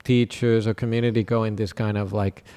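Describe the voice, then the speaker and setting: A man who is a Buddhist monk teacher, speaking haltingly with many restarts in a teaching workshop dialogue. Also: fairly low pitch, level tone, warm tone, smooth.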